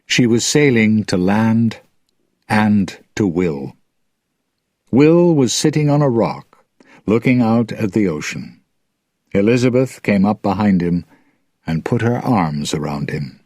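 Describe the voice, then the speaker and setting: A man reads a story aloud for English learners in a slow, measured way. His voice sits a bit low. The sound is dry and close. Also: very animated, darkish tone, dry recording. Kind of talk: scripted narration for English learners.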